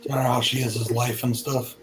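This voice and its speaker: A man's voice: medium pitch, little pitch movement, quick pace, noisy background. A man hosting a casual podcast chat, rambling with lots of fillers. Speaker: podcast host.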